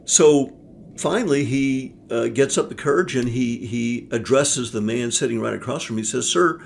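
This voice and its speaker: A man's voice: mid-range voice, moderate pace, a little mellow, a little hiss or hum. A man telling a story in a casual, earnest vlog monologue, with frequent fillers and restarts. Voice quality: gravelly. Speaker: vlogger on forgiveness.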